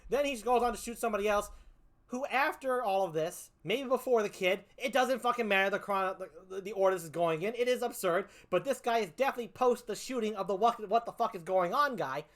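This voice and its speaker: A woman's voice: medium pitch, fairly quick. A woman comedian doing a stand-up routine, profane, exasperated and mocking as she picks apart a film.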